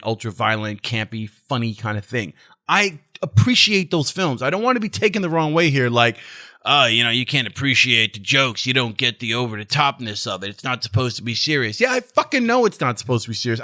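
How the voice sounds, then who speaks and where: A man's voice: on the high side, pushed and bright. A man hosting his own movie review channel, ranting casually in a blunt, profane and sarcastic way.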